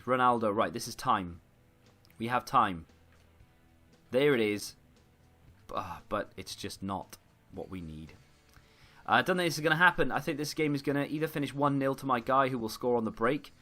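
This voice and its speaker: A man's voice: medium pitch, moderate pace, bright, forceful tone, soft background music. Exasperated man commentating gameplay. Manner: exasperated, self-deprecating running commentary. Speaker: gaming YouTuber.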